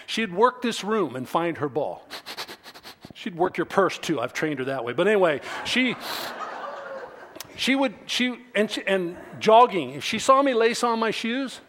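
A middle-aged male pastor preaching a sermon, deliberate and measured, dropping to near-whispers and then rising to emphatic peaks. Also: high voice, big pitch swings, a little hiss or hum. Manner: slow, deliberate preaching that swings from quiet to emphatic.

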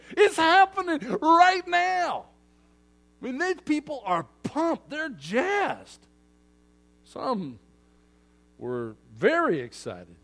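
With a voice that sits high, a male pastor delivers an animated sermon to his congregation. He performs crowd voices and shifts from loud bursts to quiet asides.

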